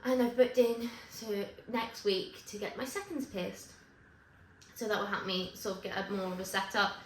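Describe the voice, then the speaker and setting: A woman chatting to camera in a loose, rambling way, stopping to correct herself and toss in little asides. Her voice is mid-pitched and bounces around an echoey room with a faint hum of ambience behind it. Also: steady tone, moderate pace. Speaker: vlogger. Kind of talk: casual chat to camera.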